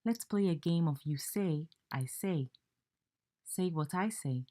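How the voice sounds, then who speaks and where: Woman, Ghanaian accent, low mellow voice, slow careful pronunciation lesson. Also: lively intonation. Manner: slow, deliberate, spells out sounds. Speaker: language teacher.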